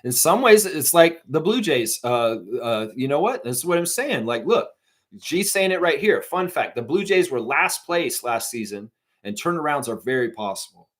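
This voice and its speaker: A man's voice: fairly high pitch, sing-song, moderate pace, fairly bright tone. Middle-aged guy ranting on his live stream, swears a lot, fired up, reads chat. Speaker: fan stream host.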